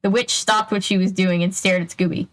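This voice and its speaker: A woman's voice: medium pitch, fairly even intonation, fairly quick, rough recording. A young woman casually reading a children's mystery book aloud, breaking in with chatty asides.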